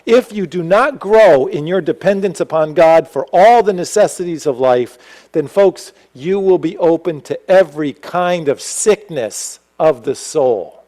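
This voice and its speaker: Animated pastor preaching, higher-pitched man. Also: unhurried, poor audio. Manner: animated, rising to emphatic exclamations. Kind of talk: sermon.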